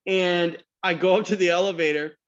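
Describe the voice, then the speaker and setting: A man telling a business story on a podcast, acting out the dialogue with lively energy. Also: sits high, moderate pace, lo-fi sound. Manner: animated anecdotal storyteller, acts out dialogue. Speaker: guest entrepreneur.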